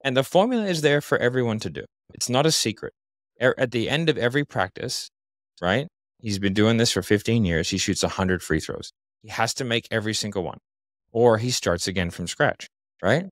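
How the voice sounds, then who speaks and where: Male podcast guest, low voice, blunt and confident, dry close sound. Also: animated, brisk, no room sound. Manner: confident, blunt, explains with examples. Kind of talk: casual interview talk.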